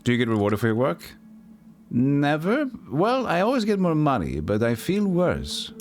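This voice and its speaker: Lively joking male game streamer. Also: a little high, moderate pace, soft background music. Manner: joking, rambling and profane. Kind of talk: casual gameplay commentary.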